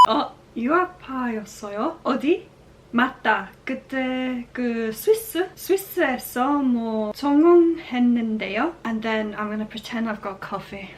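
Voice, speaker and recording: A young woman hosting a language-learning vlog, chatting casually as she breaks down phrases, sounds out words slowly and laughs often. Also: on the high side, big pitch swings, fairly bright tone. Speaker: vlog host learning Korean. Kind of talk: casual explaining of phrases and line-reading.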